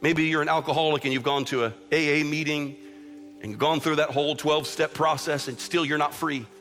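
Impassioned middle-aged preacher, echoing church. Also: male voice, fairly high pitch, steady tone, fairly quick, fairly bright tone. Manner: impassioned, building, repetitive appeals. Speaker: pastor. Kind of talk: sermon. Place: church sanctuary. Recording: long church reverb with music behind.

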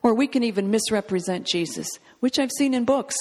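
A woman's voice: a little high, animated, fairly quick, a little mellow. Fervent woman preaching in a reverberant hall. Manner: fervent, emphatic, reads scripture aloud. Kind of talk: sermon.

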